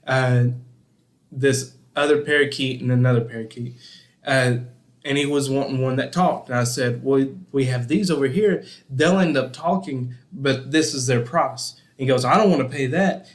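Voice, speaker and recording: A young man casually telling a story on a podcast, laughing a lot and acting out other people's lines. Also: medium pitch. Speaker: podcast co-host.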